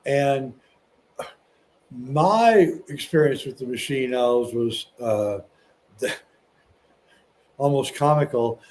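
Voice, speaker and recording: A male podcast guest, relaxed and casual, telling stories with plenty of ums and restarts. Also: mid-range voice, slow pace, pauses often, a little hiss or hum, rough recording. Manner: relaxed storytelling with many fillers and restarts. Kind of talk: casual interview talk.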